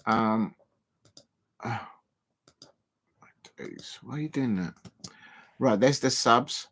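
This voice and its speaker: A man hosting a casual football live stream, rambling with frequent pauses and restarts as he chats to his viewers. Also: mid-range voice, fairly bright tone. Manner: rambling, many ums and restarts, chatty asides to viewers. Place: home, seated at a table.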